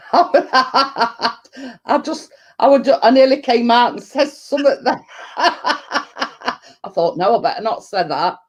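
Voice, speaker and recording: A woman's voice: fairly high pitch, slow pace, pauses often. Chatty woman hosting. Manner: chatty, laughs easily, rambling stories. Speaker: live stream host. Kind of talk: casual chat.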